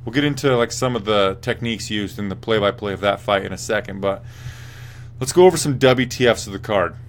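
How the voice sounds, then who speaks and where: Here a young man with a fairly low voice talks fairly quickly as host of a loose MMA fight recap. Profanity flows freely, the commentary wanders, and he replies to chat as he goes.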